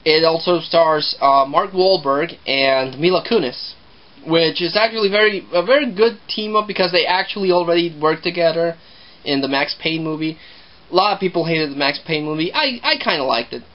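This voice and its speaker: A man's voice: on the high side, moderate pace. Rambling man with a lo-fi sound. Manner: rambling, conversational, repeats himself. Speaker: movie reviewer. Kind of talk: casual video review.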